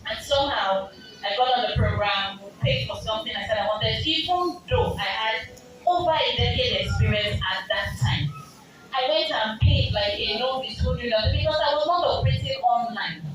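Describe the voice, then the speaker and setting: A woman with a Nigerian accent, a business coach giving a seminar talk, asking the audience questions and slipping into Pidgin asides. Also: a little high. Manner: rhetorical, switching into Pidgin asides. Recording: very echoey hall, distant mic, ambient noise.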